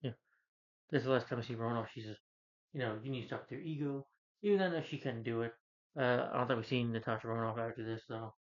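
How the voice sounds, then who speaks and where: A man casually retells a movie's plot, full of fillers and quick quoted lines. His voice sits in the middle range. The recording sounds dull and lo-fi. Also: medium pitch. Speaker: movie reviewer. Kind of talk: casual film recap.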